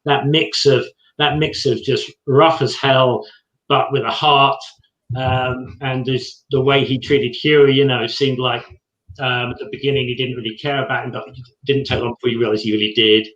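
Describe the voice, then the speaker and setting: A man's voice: mid-range voice, level tone, moderate pace, a bit bright. British man, roomy dull sound. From England. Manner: hesitant, many restarts and ums. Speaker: co-host. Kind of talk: casual chat.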